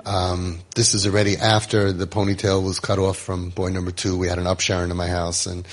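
A middle-aged man, telling stories from founding a home for troubled youth to parents, conversational and animated. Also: deep voice, fairly quick. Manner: conversational, animated, acts out quotes. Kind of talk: storytelling talk to parents.

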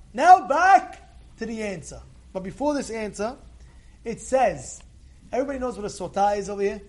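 High-pitched guy giving a torah class, loose and chatty, keeps repeating himself and suddenly yelling the point, hebrew blessings everywhere. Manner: animated, swings from quiet asides to shouted exhortations, repeats phrases; peppers speech with Hebrew blessings. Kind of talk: informal Torah talk to a live group.

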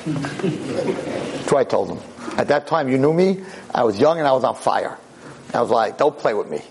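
A man, a rabbi, telling a story to an audience in an animated, wry way, often breaking off and restarting. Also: mid-range voice, moderate pace, background noise. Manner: animated, self-interrupting, wry.

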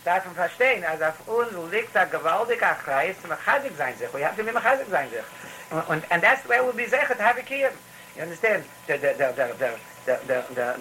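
A man's voice: fairly high pitch, sharp tone, slight background noise, poor audio. A man with giving a rambling, storytelling Torah talk, full of restarts and phrases. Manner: rambling, repetitive restarts, mixes in Yiddish phrases.

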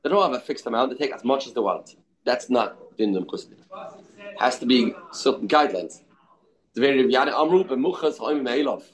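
A man's voice: medium pitch, animated, fairly quick. A man teaching an informal Talmud study class, thinking aloud, answering students, and mixing Hebrew and Aramaic terms into his English.

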